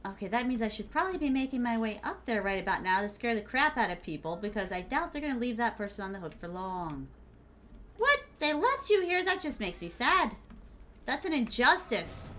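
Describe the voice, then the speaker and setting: With a fairly high, slightly bright voice, this young woman from the American South talks at a normal pace and sounds very animated. She's streaming a game, keeping up playful, teasing live commentary in her Southern accent and addressing viewers by pet names, over faint background noise.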